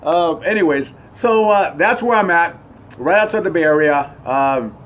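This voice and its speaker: A man's voice: fairly high pitch, animated, unhurried, a bit bright, slight background noise. A middle-aged man vlogging casually from his front porch, rambling upbeat with lots of fillers and restarts. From United States. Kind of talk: casual rambling vlog to camera.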